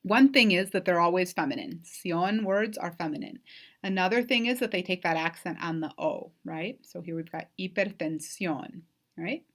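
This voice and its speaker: A woman's voice: fairly low pitch, normal speed. A woman giving a recorded online lecture as a Spanish instructor, explaining vocabulary patiently and checking in with frequent "right?" and "um".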